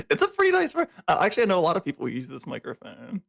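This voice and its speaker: A man's voice: high-pitched, wildly swooping pitch, fast, creaky, fairly bright tone. A young man on a podcast as a guest, chatting casually, laughing often and stumbling through his sentences. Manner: laughs often, hesitant with restarts. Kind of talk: casual chat.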